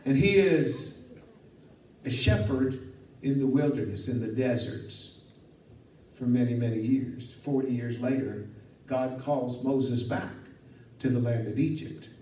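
A male pastor preaching a sermon, telling a story in a lively way, acting out the dialogue and chuckling at his own asides. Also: medium pitch, takes it slowly, pauses often. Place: church sanctuary. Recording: echoey church hall from far off.

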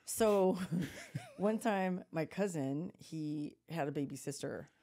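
A podcast co-host in her forties, with a low voice and a slow pace, shares a childhood story. She tells it in a casual, animated way, laughing often and acting out what people said.

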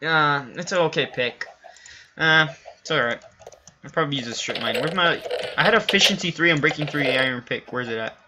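A young man narrating his own game playthrough, chatting casually and flaring into excited shouts and swearing. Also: a little high, brisk, background noise. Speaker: gamer. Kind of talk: Let's Play commentary. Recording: lo-fi home recording.

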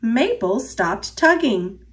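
A woman narrates a children's picture book at an unhurried pace. Her gentle reading voice sits a little high and rises and falls in a lively way. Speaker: storybook reader. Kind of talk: read-aloud narration for children.

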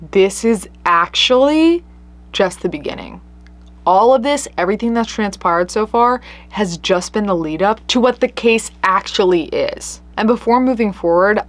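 A woman hosting a true crime show, telling a case in an earnest, conversational way with emphatic stresses. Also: fairly low pitch. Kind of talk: casual true crime storytelling.

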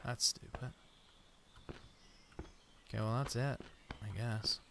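A man with a medium-pitched, fairly even voice commentates slowly on a survival game as he plays it, talking to himself and his viewers and swearing often. Background noise is clearly audible.

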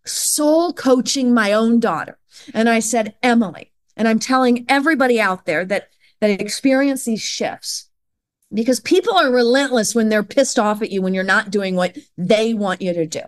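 A woman's voice: a little high, moderate pace, clear, resonant tone. A woman in her forties speaks as a podcast guest, telling her story earnestly and with emphasis. She slips into quoted dialogue to act out what others said. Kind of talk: conversational storytelling.

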